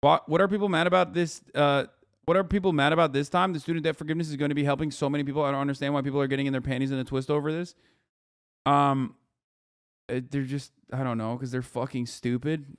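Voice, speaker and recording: A man in his thirties giving casual live-stream commentary, blunt, mocking and profane, talking fast in bursts. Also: a little high, fairly even intonation, clean tone, no room sound, studio quality. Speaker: political streamer.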